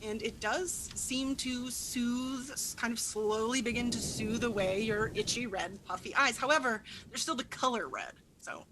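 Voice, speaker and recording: A woman's voice: fairly high pitch, a little slow, few pauses, noisy background. A woman narrating a tabletop game as game master, laughing often and hesitating with fillers.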